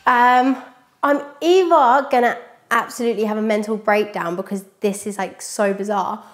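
A woman's voice: medium pitch, moderate pace. A young British woman, a reality show contestant, chatting to camera in a bubbly, rambling way. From Britain. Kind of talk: casual chat to camera.

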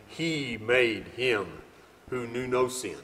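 A man preaching in a medium-pitched voice, rising from hushed passages to ringing, emphatic peaks. His words carry a long reverb, as if spoken in a large church hall. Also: lively intonation, drawn-out words, a little hiss or hum. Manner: swings from quiet to loud, emphatic preaching. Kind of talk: sermon.

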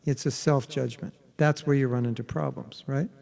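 A man's voice: mid-range voice, fairly even intonation, moderate pace, vocal fry, darkish tone, big-room sound. A man teaching a spiritual workshop in a conversational way, often checking in with his listeners. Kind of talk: interactive spiritual workshop talk.

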